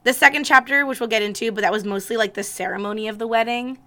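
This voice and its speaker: A woman's voice: on the high side, fairly even intonation, fairly bright tone. A woman co-hosting a podcast in casual chat, joking and laughing often. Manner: giggly, joking, quick to laugh. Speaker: podcast co-host.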